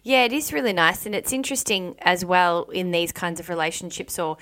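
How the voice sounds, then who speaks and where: A woman's voice: on the low side, a little fast, fairly bright tone. A young woman hosting a casual podcast chat, thinking aloud in a reflective way as she shapes her questions. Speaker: podcast host.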